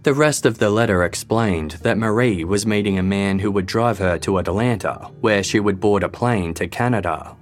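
Man, scripted true-crime narrator, low voice, steady measured delivery. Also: soft background music.

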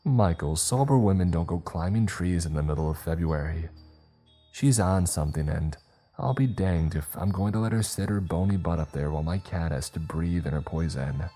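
A man voicing a nosy, sharp-tongued elderly woman neighbor who scolds and judges. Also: deep voice, expressive, normal speed, faint music behind. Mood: scolding. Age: older.

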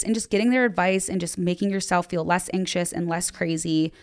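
A woman's voice: fairly low pitch, fairly quick. A young woman hosting a podcast, giving casual advice in a candid, self-deprecating way with lots of "like". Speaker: podcast host.

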